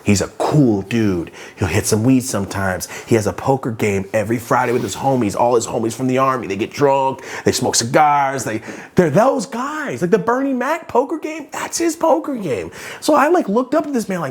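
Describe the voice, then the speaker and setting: A man telling a story-time vlog, animated, swearing and acting out the people in his story. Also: medium pitch, normal speed, husky. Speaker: vlogger.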